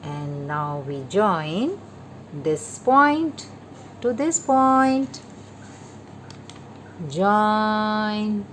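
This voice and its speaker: A woman calmly guiding children through a paper-folding craft step by step, repeating each instruction. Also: medium pitch, drawn-out words, long pauses, slight background noise. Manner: patient, repetitive instructions to children. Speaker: craft teacher.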